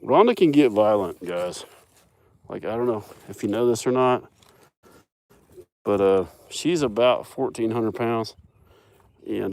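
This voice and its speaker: A man's voice: on the low side, a little mellow. A man chatting casually on a live stream while out among cattle in a pasture, joking and talking to the animals. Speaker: livestreamer on a farm.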